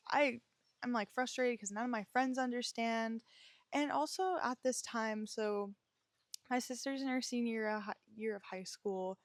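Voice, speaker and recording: A woman's voice: fairly high pitch, unhurried, no room sound. A woman in her twenties, hosting a podcast and telling a personal story in a candid, emotional, rambling way, with many fillers and restarts. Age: 20s. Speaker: podcast host.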